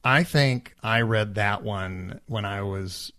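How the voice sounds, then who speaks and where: A man co-hosting a podcast, talking in a measured, reflective way with many fillers. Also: on the low side, pushed and bright, dry recording, clean studio sound. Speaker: podcast co-host. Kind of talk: casual chat.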